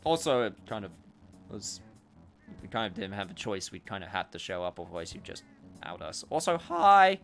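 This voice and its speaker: A man's voice: low voice, fairly quick. A man casually commenting on a game stream, joking and self-mocking. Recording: game music playing behind.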